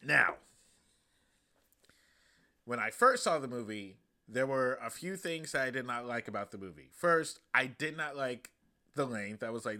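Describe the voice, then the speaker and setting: A man hosting a podcast, reviewing a movie in a loose, profane, animated way. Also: mid-range voice, unhurried, pauses often. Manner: loose, profane and animated, acting out quoted lines. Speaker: podcast host. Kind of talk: casual comedic movie review.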